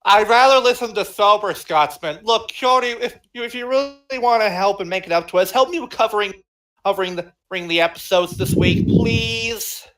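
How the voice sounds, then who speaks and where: A man co-hosting a podcast over an online voice call, recapping episodes in a casual, excitable way with frequent restarts. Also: sits high, brisk. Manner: excitable, restarts sentences, exasperated outbursts. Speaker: podcast co-host.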